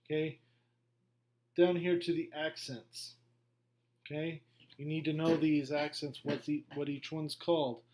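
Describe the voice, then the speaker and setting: Slow, patient male language teacher. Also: fairly high pitch, little pitch movement, noisy background. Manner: slow, patient, repeats himself with many okays. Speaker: French teacher. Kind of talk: classroom lesson walkthrough.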